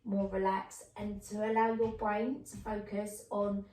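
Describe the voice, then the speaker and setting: A middle-aged woman tells stories in a casual podcast chat, slipping into other people's voices as she goes. Her voice sits at an ordinary pitch for a woman. The sound is roomy, with the mic set some way off. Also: level tone, measured pace, warm tone, recorded from a distance. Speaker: podcast guest, clairvoyant medium.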